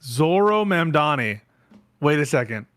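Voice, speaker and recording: A man co-hosting a casual chat, playful and jokey, firing off quick questions. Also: a little high, big pitch swings, a bit bright, dry recording. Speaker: co-host.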